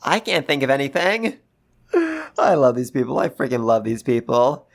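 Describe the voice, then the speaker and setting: Excitable, gushing reviewer. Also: medium pitch, normal speed, gravelly. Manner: gushing, excitable, gasps and laughs; repeats phrases for emphasis. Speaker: manga chapter reviewer. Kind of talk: casual commentary.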